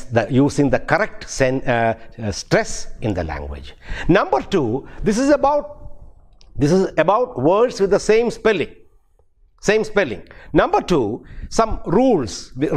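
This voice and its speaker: An older man, teaching a university pronunciation lecture, repeating and spelling out words to show their stress. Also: fairly high pitch. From India. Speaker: university English professor.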